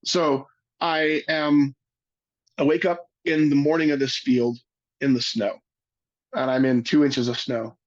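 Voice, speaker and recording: A man giving a webinar talk, telling a personal story in an earnest, halting way, often restarting his sentences. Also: mid-range voice, little pitch movement, highs cut off. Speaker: webinar speaker.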